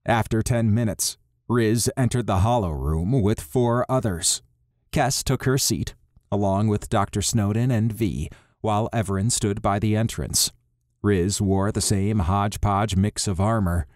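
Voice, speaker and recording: A man reading an audiobook in an even, measured narration. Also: fairly low pitch, dry recording, studio quality. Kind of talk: scripted narration.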